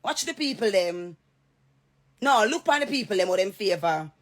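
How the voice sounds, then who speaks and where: A woman's voice: medium pitch, animated, normal speed. A woman with a Jamaican accent in a direct-to-camera rant, heated, confrontational and repeating herself. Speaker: social media personality.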